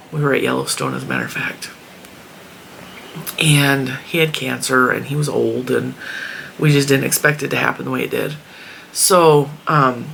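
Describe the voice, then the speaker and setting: Woman, middle-aged, chatty storyteller, bright tone, faint room noise. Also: sits low, vocal fry. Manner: chatty, rambling storytelling with laughs. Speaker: crochet vlogger. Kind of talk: casual chat.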